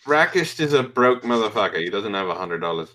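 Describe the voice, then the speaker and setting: A man co-hosting a casual stream, excitable and quick to jump in and interrupt. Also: fairly low pitch. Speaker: co-host.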